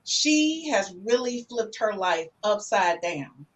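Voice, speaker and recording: A middle-aged woman hosting a talk podcast. She reads out viewer comments in a lively, casual way and keeps calling people "honey". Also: medium pitch, slow pace. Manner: lively, calls listeners "honey", Southern-style US slang. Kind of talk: casual chat.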